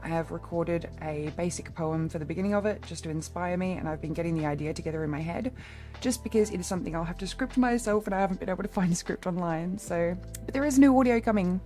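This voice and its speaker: A young woman hosts a relaxed live stream, chatting in a rambling way and thanking viewers one by one. Her voice sits a little low for a woman. Faint lo-fi music plays behind her. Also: quick pace. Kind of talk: casual live-stream chat reading out viewers' messages.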